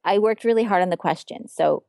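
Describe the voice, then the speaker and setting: A woman's voice: mid-range voice, fairly quick, vocal fry, mellow, dry recording, studio quality. A woman relationship coach talking in an earnest, frank and emphatic way during a podcast interview.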